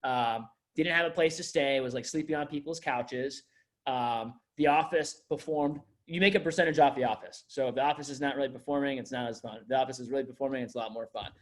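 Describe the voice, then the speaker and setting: A man's voice: mid-range voice, fast talker. A man, a manager giving a loose, filler-heavy onboarding talk to his staff, full of restarts. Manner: rambling, filler-heavy storytelling with frequent restarts. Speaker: district manager.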